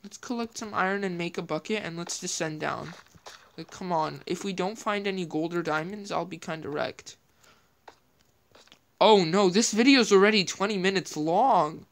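A woman's voice: fairly low pitch, normal speed, slight background noise. A woman hosting a gameplay video, thinking aloud in casual, rambling commentary as she plays.

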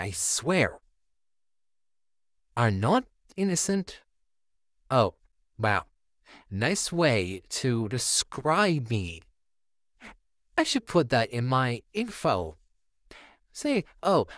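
A performer acts out a male puppet neighbor babysitting a child, sarcastic and easily rattled, in a home-made fan audio drama. His pitch leaps all over the place while the delivery stays slow and drawn out. The recording is close and dry, made at home. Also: wildly swooping pitch, dry recording. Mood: flustered sarcastic. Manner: sarcastic, easily flustered, wildly swinging pitch.

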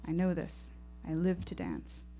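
Low-voiced woman performing intense poetic storytelling. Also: very animated, unhurried, mellow, faint music behind. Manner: intense, poetic, rhythmic delivery. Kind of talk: live first-person storytelling performance. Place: live showcase stage.

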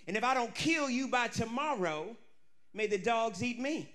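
A man's voice: extremely high pitch, lively intonation, moderate pace, bright, forceful tone, voice pushed down, exaggerated voice. A man voicing a scheming, threatening queen who talks in a mocking, menacing way. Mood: mocking threat.

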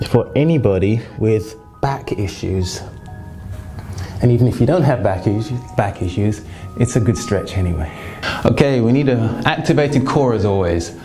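A man calmly guiding viewers through floor stretches as a fitness instructor, often checking in with "okay?" as he goes. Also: mid-range voice. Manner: calm and reassuring, frequent "okay?" check-ins. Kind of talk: exercise instruction.

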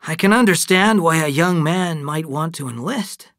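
A reader voicing a troubled middle-aged father, puzzled and dreamy, in an audiobook reading with slightly lifted pitch. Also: normal speed, fairly bright tone, no echo, studio quality, lightly acted.

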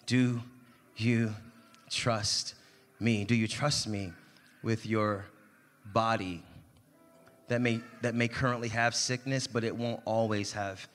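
Man, pastor, sermon, call-and-response, bright tone, long church reverb. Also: on the low side, steady tone, unhurried. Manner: preaching with call-and-response and rising intensity.

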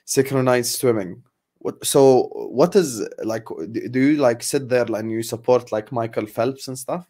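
A young man chats to his audience in a loose, ranting way. He sounds sarcastic and fed up, laughs now and then, and sighs as he trails off. His voice sits in a middle pitch. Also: a little slow, warm tone. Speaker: football fan vlogger. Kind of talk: casual ranting chat to viewers.

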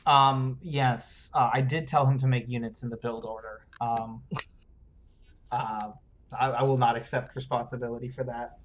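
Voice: mid-range voice, steady tone, unhurried, muffled recording, a little hiss or hum. An esports caster giving detailed play-by-play analysis of a strategy match on a live stream, explaining unit mechanics while tinkering with stream overlays.

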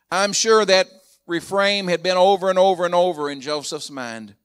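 A man, a pastor, preaching a sermon in a storytelling way, retelling a scripture story and voicing its quotes, building up loud at key points. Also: high-pitched, moderate pace.

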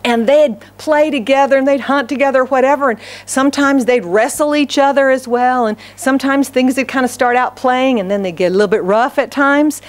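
An American woman pastor delivers a sermon in a church, her voice sitting somewhat high for a woman. She tells a homely story, breaks into laughter often, and acts out the lines of the people in it. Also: a little fast, hardly any pauses. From United States. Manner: storytelling, laughs often, animated acted quotes.

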